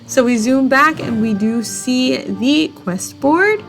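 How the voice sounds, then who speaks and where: High, playful woman narrating gameplay. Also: expressive, slow pace, soft background music. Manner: playful, giggly asides, sound effects. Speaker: gameplay podcaster. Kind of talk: casual let's-play narration.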